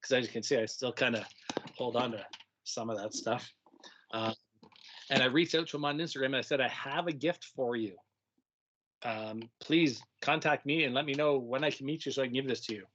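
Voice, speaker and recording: A middle-aged man recalls his teaching years in a loose, animated way, jumping into playful kids' voices and laughing along the way. His voice sits at an ordinary pitch. The recording is a little dull and muffled. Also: brisk, slight background noise. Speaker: retired teacher, guest. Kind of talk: casual storytelling conversation.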